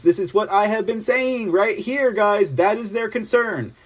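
A man's voice: high voice, lively intonation, measured pace, few pauses. A man hosting a news show, reading reports aloud and breaking in with emphatic, sarcastic asides. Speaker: host.

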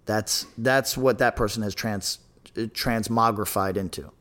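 A man's voice: on the low side, a little slow, fairly bright tone. A man hosting a podcast, talking casually and profanely, rambling with restarts and dry sarcasm. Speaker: podcast host.

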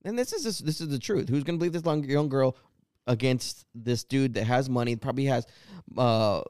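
A man co-hosting a casual podcast, relaxed, chiming in and reacting to the story. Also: mid-range voice, brisk, smooth, no echo, studio quality. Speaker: podcast co-host.

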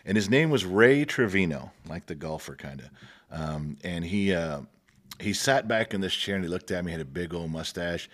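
A man's voice: low-pitched, expressive, moderate pace, a bit bright. A middle-aged man telling long work stories into a podcast microphone. He chuckles often and acts out the people he quotes. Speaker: guest. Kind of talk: casual storytelling.

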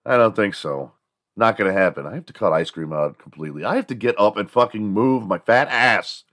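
A man's voice: on the low side, a little fast, fairly bright tone, dry recording, clean studio sound. A man hosting a podcast, rambling through a profane, casual comedic rant and now and then bursting into other people's voices. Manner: acts out quoted voices in bursts. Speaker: podcast host.

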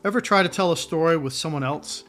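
Conversational preacher, fairly high-pitched man. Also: fast talker, a bit bright, soft background music. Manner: conversational preaching with acted-out quotes. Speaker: pastor. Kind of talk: sermon.

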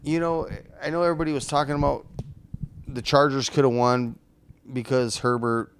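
A man's voice: medium pitch, level tone, moderate pace, a little hiss or hum. Blunt, cursing male podcast co-host. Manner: blunt and heated, heavy profanity. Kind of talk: casual chat.

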